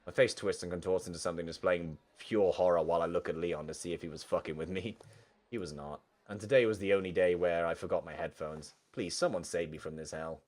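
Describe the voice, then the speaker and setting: A man's voice: deep voice, fairly even intonation, quick pace, darkish tone. A young man reading a visual novel aloud and reacting casually, often swearing. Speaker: game streamer. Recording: faint game music underneath.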